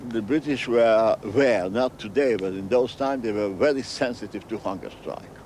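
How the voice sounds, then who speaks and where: Older man telling memories haltingly. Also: lowish voice, darkish tone, a little hiss or hum. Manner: halting, repeats phrases, non-native English grammar. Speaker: interviewee recounting memories. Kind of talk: storytelling interview.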